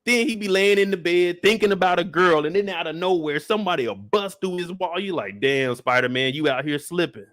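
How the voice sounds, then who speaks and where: A man delivering an animated, profane, exasperated comedic rant. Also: sits high, a little fast, hardly any pauses, dry recording.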